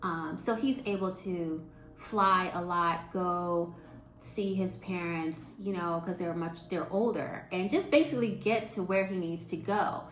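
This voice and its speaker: A woman, telling stories to her viewers in a chatty, expressive way. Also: on the low side, a little slow, echoey room, slight background noise. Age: 50s. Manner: chatty and expressive, quotes people in lively voices. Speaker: vlogger. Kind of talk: casual storytelling to viewers.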